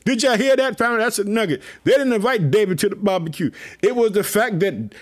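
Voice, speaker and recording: Pumped-up high-voiced preacher man. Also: fast. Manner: excited, repetitive preaching catchphrases. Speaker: pastor. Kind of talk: energetic podcast sermon.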